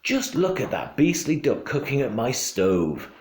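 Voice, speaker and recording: A man voicing a fussy, excitable mother with high, dramatic exclamations in a storybook reading. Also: unhurried, a little hiss or hum. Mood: indignant. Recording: roomy home room.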